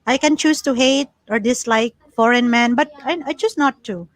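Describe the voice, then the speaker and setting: Reading out viewers' comments on her casual livestream, this woman from the Philippines is giggly and talkative, switching between languages. Her voice is on the high side and moderately paced, with no echo and a rough recording quality.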